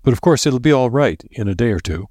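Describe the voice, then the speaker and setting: A man's voice: on the high side, animated, fast, a little mellow, no room sound, clean studio sound, pitched above the performer's own voice, natural voice. A man voicing a nervous, shell-shocked man who whimpers hysterically in a quivering voice, in a read-aloud story. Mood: shaky.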